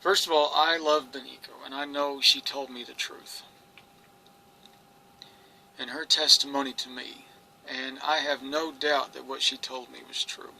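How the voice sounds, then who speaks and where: A man's voice: mid-range voice, fairly even intonation, measured pace, gravelly, pushed and bright, slight background noise, low-quality recording. A man telling his own story in an earnest, rambling monologue, restarting phrases and quoting others. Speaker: experiencer recounting his story. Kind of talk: personal monologue to camera.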